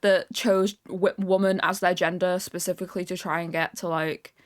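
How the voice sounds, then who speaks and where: A young adult woman streamer in casual chat, animated, swearing freely and laughing often. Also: fairly low pitch, normal speed.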